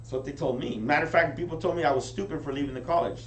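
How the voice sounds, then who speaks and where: A man giving a high-energy motivational training talk to a live audience, often checking in with them. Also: rapid-fire. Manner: energetic, keeps asking the crowd "right?". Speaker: business team leader training recruits. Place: meeting room with an audience. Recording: echoey room, distant mic, faint hum.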